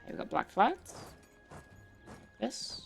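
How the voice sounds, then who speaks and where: A woman's voice: a little slow, soft background music. A woman streamer giving casual, chatty commentary while playing a strategy game, muttering to herself and swearing now and then.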